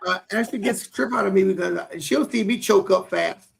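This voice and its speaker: Man in his forties, podcast co-host, high and very gravelly voice, earnest and heartfelt. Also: brisk. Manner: earnest, repeats words when moved. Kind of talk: heartfelt casual conversation.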